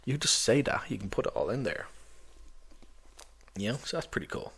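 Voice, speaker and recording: A man who runs tabletop games chats loosely about books he recommends, filling his speech with plenty of fillers. His mid-range voice is brisk, husky and a touch bright, with vocal fry and big swings in pitch.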